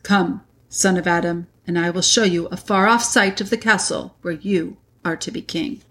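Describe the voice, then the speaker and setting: A woman reading aloud, voicing a majestic male lion king who is calm and solemn, in a slow, grave way. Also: lowish voice, a little hiss or hum. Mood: solemn, kind.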